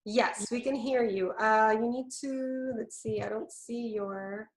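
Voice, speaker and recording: A woman's voice: fairly high pitch, slow pace, roomy sound. A woman hosting a live online coaching event, upbeat and instructive as she introduces the next segment. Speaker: host, love coach.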